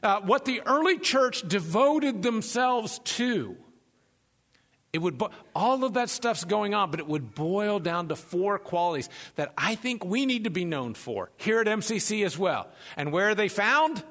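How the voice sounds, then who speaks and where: A man preaching a sermon as pastor, animated and conversational, joking and acting out the voices of people in his stories. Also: sits high, a little slow. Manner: animated, conversational, jokes and acts out quotes.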